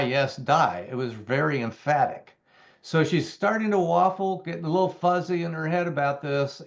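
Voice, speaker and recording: A man's voice: on the high side, muffled recording. A man teaching from the Bible in a conversational way, reading verses aloud and explaining them with emphatic repeats and the odd filler.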